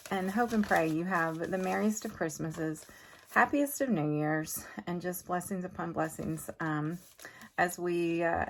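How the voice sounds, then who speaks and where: A middle-aged woman vlogging about farm family life, chatting casually and heartfelt with viewers. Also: on the low side. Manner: chatty and heartfelt, drifts into emotion. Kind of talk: casual vlog chat to viewers.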